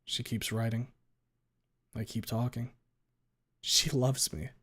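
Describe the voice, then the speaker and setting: A man of middling pitch reads a first-person story aloud for his stream. He throws feeling into it, hurrying through some passages and lingering on others. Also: little pitch movement, fairly bright tone, husky. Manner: emotional, pace swinging between rushed and drawn out. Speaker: streamer reading a fan fiction aloud.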